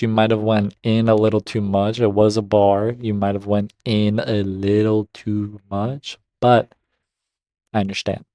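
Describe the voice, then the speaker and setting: A man's voice: fairly low pitch, flat delivery, measured pace, dark tone, no room sound. A man reading a drama story aloud and breaking off to react with upbeat asides. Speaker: Reddit story reader and gaming commentator. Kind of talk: reading stories aloud with casual commentary.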